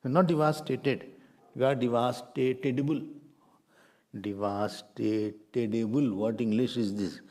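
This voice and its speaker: A middle-aged man with an Indian accent, teaching a spiritual class in a lively, playful way. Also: mid-range voice, normal speed. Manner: animated, playful, mixes Hindi phrases. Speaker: Vedanta teacher.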